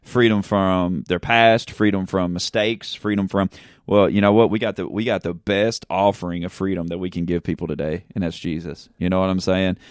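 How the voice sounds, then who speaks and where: Deep-voiced preaching man, smooth and dry. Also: fairly even intonation, normal speed, dry recording. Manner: fervent, preacher-like, repeats "you know what I'm saying". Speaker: pastor. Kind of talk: casual chat. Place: in a church.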